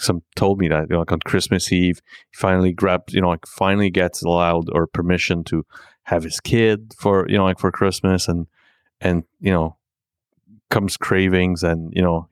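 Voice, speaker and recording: A middle-aged man talking candidly in a conversation, halting and leaning heavily on filler words. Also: deep voice, clear, resonant tone, dry recording, studio quality.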